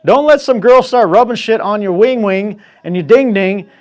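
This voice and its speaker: Profane, animated male storyteller. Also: high voice, moderate pace. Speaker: podcast host. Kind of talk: casual solo storytelling.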